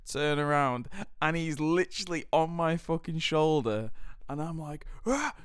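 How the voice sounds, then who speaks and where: Animated young British man, smooth voice. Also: a little high, measured pace, dry recording, clean studio sound. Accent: British English. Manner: animated, swearing, many fillers. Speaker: podcast host. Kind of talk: casual storytelling chat.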